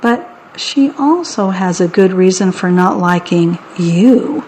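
A woman narrating a children's audiobook in a wry, deadpan way. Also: fairly low pitch, slow, a little hiss or hum, rough recording.

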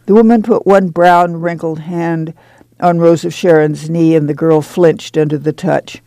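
A man reading a novel aloud in measured, steady narration. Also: fairly high pitch, no room sound, low-quality recording. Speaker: audiobook narrator. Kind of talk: scripted narration.

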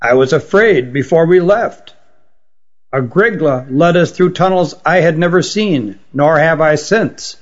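A man reading an audiobook, voicing an ancient, remorseful queen with a slight rasp. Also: a little high, measured pace, natural voice. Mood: reminiscing. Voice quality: raspy. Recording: dull lo-fi recording.

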